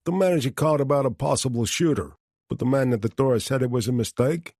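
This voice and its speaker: A man voicing a brisk woman police officer asking questions. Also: mid-range voice, a little mellow, dry recording, clean studio sound, pitched above the performer's own voice, close to an everyday voice.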